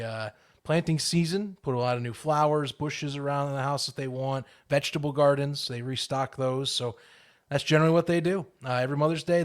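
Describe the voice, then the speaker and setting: Male podcast co-host, cheerful, laughs easily, casual chat. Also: mid-range voice. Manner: upbeat and quick to laugh.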